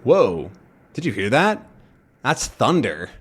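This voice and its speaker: A young man teaching English, explaining sounds casually, thinking aloud with many fillers and "right?" checks, and slowly drawing out example words. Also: mid-range voice, huge pitch swings, slightly rough. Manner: drawn-out demonstration of sounds.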